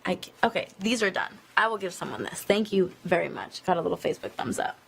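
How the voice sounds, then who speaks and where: A woman's voice: fairly low pitch, expressive, fast talker, gravelly, fairly bright tone, breathy edge. A woman, a singer, answering fan questions in a casual live Q&A inside an office building, rambling and filling her talk with "like". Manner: chatty and rambling, full of "like" fillers. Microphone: phone streaming live video.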